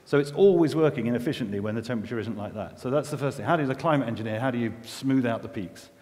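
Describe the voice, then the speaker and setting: A man's voice: mid-range voice, fast, a little mellow. Chatty man in a reverberant hall. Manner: chatty, self-deprecating, many restarts and asides. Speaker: environmental engineer giving a festival talk. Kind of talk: conference talk. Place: festival venue with long reverb.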